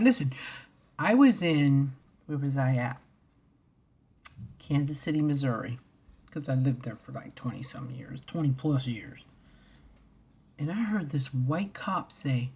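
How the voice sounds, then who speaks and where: A woman vlogger ranting to camera, blunt and profane, swinging from loud outbursts to low mutters. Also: animated, a little slow, long pauses, breathy edge. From United States.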